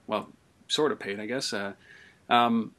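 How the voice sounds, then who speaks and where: A man's voice: on the low side, a little slow, a bit bright. A man hosting an interview. He thinks aloud in a hesitant way, with many fillers. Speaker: interviewer, host. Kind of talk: casual interview talk.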